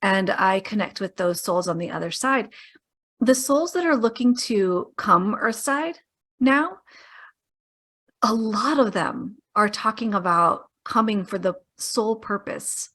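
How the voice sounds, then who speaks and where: A woman's voice: medium pitch, animated, a little slow, fairly bright tone. A woman hosting a podcast, asking questions in an enthusiastic, playful way. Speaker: podcast host, medium. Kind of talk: casual interview talk.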